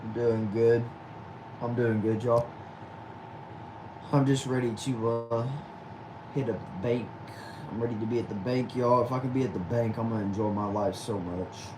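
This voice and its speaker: A young man with a lowish voice chats loosely through a livestream, reading viewer comments aloud and answering each one. A steady hum sits behind him the whole time. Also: moderate pace. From Texas. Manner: reads comments aloud and answers them casually. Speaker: livestream host.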